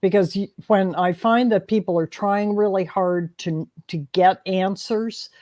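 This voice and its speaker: Hypnotherapist woman, mid-range voice, mellow and warm, calm and soothing. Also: mid-range voice. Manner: calm, soothing, explains slowly with many restarts. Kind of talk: panel discussion.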